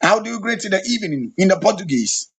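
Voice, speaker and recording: A man's voice: high-pitched, big pitch swings, fast talker, creaky. Man hosting a live show, music behind. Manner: repeats phrases, calls out to a guest on the line. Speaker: show host.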